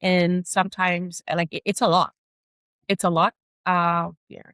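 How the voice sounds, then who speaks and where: A mother speaking earnestly as a podcast guest, reflective and frank, at times echoing questions in a higher voice. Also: flat delivery, unhurried, a bit bright. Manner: earnest, reflective, often acts out her son's repeated questions in a higher voice. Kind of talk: candid interview conversation.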